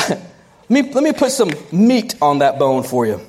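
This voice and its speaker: A woman preaching a sermon to a congregation, telling stories with lively asides and quick laughs. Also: low voice, a little hiss or hum.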